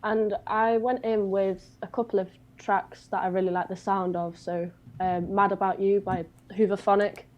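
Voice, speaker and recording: A woman's voice: medium pitch, level tone, moderate pace, few pauses, darkish tone, lo-fi sound. A woman with a British accent, a guest singer chatting casually on a video call and telling a long story with plenty of fillers. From Britain. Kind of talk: casual chat.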